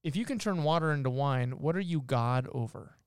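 Smooth-voiced man explaining scripture. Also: medium pitch, animated, brisk, dry recording, studio quality. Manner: explains patiently, reads verses aloud, many restarts. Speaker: podcast co-host teaching scripture. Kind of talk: casual explanatory Bible talk.

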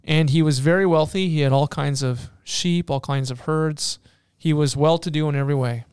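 A man voicing a male prophet who tells a parable to a king in a measured way. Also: fairly high pitch, darkish tone, clean tone, no echo, clean studio sound, lightly acted. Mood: earnest.

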